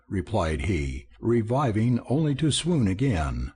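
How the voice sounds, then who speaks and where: A man's voice: medium pitch, big pitch swings, measured pace, a little mellow, slightly rough. A man narrating an audiobook in a wry, theatrical storytelling manner. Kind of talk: scripted narration.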